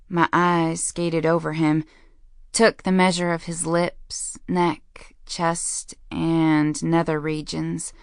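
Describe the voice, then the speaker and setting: A woman's voice: deep voice, level tone, a little slow, clear, resonant tone, no echo, clean studio sound. A woman narrating a first-person romance audiobook in a wry, playful storytelling manner.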